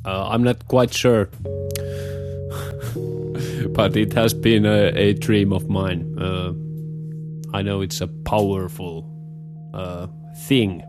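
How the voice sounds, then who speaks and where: Slow, deep-voiced Scandinavian man. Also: little pitch movement. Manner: hesitant, many filler pauses. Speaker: show host. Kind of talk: casual rambling monologue. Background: guitar music.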